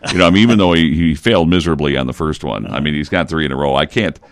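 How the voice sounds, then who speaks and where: A man's voice: very deep voice, very fast, no echo. A man hosting a song lyric quiz, teasing his guest with dry wit in casual banter.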